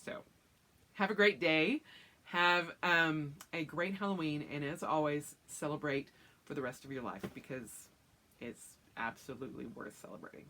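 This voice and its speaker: A woman's voice: normal speed, a little hiss or hum. A woman talking casually to camera as a vlogger, rambling and chatty. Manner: rambling, chatty, acts out quotes in excited high voice.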